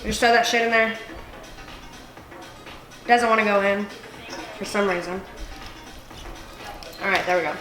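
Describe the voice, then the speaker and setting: A woman's voice: mid-range voice, fairly even intonation, measured pace, long pauses. A tipsy woman hosting a casual cooking vlog, rambling and swearing freely as she chops. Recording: echoey room with music behind.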